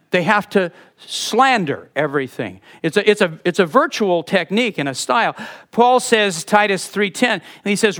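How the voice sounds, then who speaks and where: A man preaching a sermon as pastor, animated, with sudden drops to a soft voice. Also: sits high.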